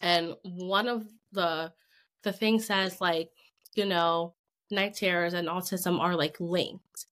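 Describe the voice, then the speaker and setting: Chatty mom podcast host, rambling. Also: female voice, lowish voice, slow pace. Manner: animated, rambling, heavy use of "like", acts out quoted speech. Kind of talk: casual chat, personal storytelling.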